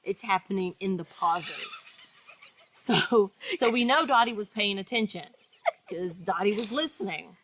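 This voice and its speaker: A woman's voice: mid-range voice, unhurried. A woman co-hosting a casual chat, telling a story with many restarts and acting out what people said. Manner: animated storyteller, acts out quotes, many restarts. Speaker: podcast co-host.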